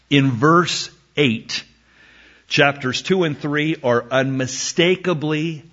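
A man preaching a sermon, reading scripture slowly with emphasis and acting out a back-and-forth exchange. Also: medium pitch, fairly bright tone. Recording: dull lo-fi recording.

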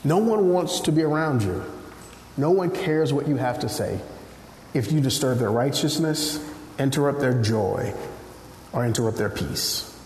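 A man from Nigeria, preaching a sermon in an animated storytelling way and acting out voices. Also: medium pitch, unhurried, a little hiss or hum. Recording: echoey hall, faint ambience.

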